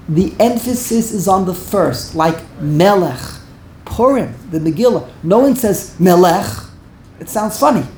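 In an echoey room with slight background noise, a woman teaches a Torah grammar class, correcting pronunciation emphatically and repeating words. Her voice sits at medium pitch with a darkish tone.

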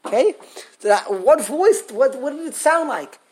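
A man teaching a live Torah class, animated and full of questions to the students, often restarting his sentences. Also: extremely high pitch, normal speed, slight background noise.

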